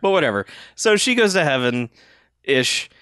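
A man's voice: a little high, sing-song, unhurried, pushed and bright, smooth, no room sound. Laughing, sarcastic man, dry close sound. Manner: blunt and sarcastic, laughs often, swears freely. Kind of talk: casual movie review chat.

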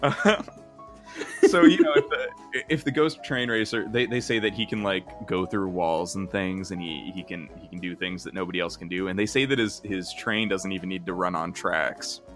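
A man improvising a comedic movie pitch, rambling and halting with many restarts. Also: a bit bright, soft background music.

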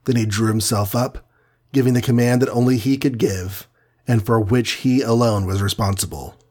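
A man's voice: medium pitch, fairly even intonation, normal speed, a little mellow. A man narrating a superhero storybook with a dramatic, vivid reading. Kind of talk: scripted audiobook narration.

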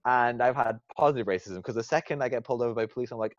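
A man's voice: mid-range voice, very fast, hardly any pauses, no echo. A man with an English accent telling stories in casual podcast chat, restarting sentences as he goes. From England. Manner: animated storyteller, rambling restarts. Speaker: podcast co-host. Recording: dull dry lo-fi sound.

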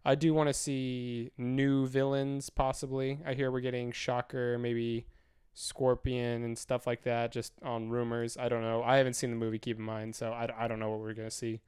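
Smooth-voiced man chatting about movies. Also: medium pitch, monotone, normal speed, darkish tone. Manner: rambling, filler-heavy, self-correcting. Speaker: co-host. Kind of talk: casual movie chat.

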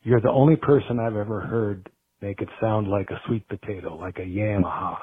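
A man's voice: fairly low pitch, fairly quick, husky. Methodical male caller on a tinny phone line. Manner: methodical, listing questions in order. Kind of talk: recorded phone message.

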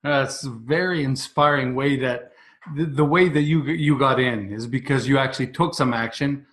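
A man's voice: medium pitch, moderate pace, fairly bright tone. A man with a mid-range voice hosts a podcast interview. He keeps his turns brief, asking questions and answering with supportive agreement. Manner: affirming, brief responses. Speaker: podcast host.

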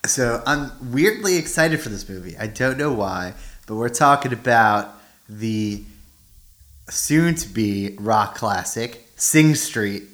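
Man, podcast co-host, teasing jokey chat, bright voice. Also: on the low side, expressive, slow pace. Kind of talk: casual chat.

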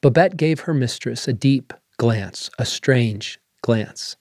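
A man reading a literary story aloud in measured, unhurried narration. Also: medium pitch, a little mellow, no echo, studio quality. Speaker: story reader. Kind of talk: scripted narration.

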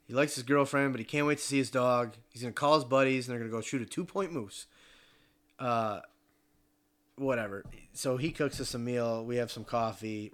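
A young man with a mid-range voice tells a hunting story casually and with lots of energy. He swears freely and acts out other people's voices.

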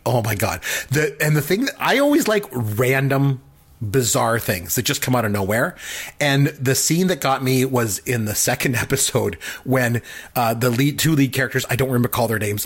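A man co-hosting a podcast, chatting casually and telling animated stories while laughing at them. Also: medium pitch, slightly rough. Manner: animated storytelling, laughs at his own stories. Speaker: podcast co-host. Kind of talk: casual chat.

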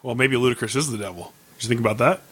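A man's voice: mid-range voice, racing, husky. A man hosting a podcast, chatting casually and making dry, teasing jokes at his co-host. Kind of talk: casual chat.

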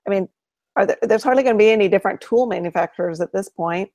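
A woman's voice: mid-range voice, fast, dark tone, no room sound. A woman co-hosting a show, casually recapping news stories and chatting. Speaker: co-host of an appliance repair show. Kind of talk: casual chat.

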